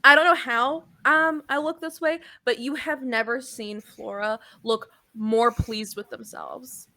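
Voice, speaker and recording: A woman, a tabletop game player, describes what her character does in loose, playful talk. Her voice is fairly high and sharply bright. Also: fairly even intonation, measured pace. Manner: playful, filler-heavy.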